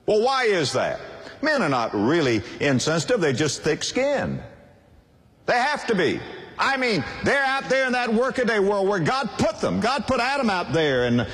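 A man's voice: high voice, huge pitch swings, moderate pace, a bit bright. An older man preaching a sermon in an emphatic, repetitive cadence. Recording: long hall reverb.

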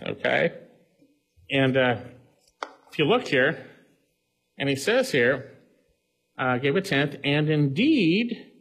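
A husky-voiced man preaching a verse-by-verse sermon. His pitch sweeps up and down to stress his points, and he keeps repeating key words. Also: fairly bright tone, low-quality recording. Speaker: pastor. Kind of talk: expository sermon.

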